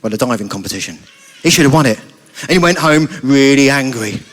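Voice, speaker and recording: This British man has a medium-pitched voice that sounds animated and fairly quick. He's telling a playful story at a family church service, often quizzing the kids.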